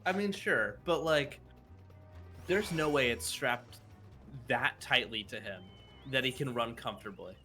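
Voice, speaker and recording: A man's voice: medium pitch, a little slow, pushed and bright, faint music behind. A man chatting casually on a game stream, joking and swearing and laughing a lot.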